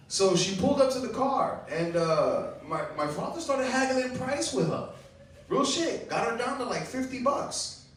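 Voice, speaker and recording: A man's voice: a little slow, a little hiss or hum. Puerto Rican man, stand-up comic, loose rambling delivery, distant mic in an echoey club. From Puerto Rico. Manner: loose storytelling with fillers, climbing high when excited. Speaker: stand-up comedian. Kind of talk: stand-up set at an open mic. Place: small comedy club, open mic. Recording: echoey room, far from the mic.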